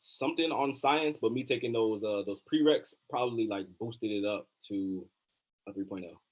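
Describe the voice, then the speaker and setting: A young man in his twenties, a physician assistant student, telling his story in a relaxed, casual interview with many fillers. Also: on the low side, normal speed. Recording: dull lo-fi sound.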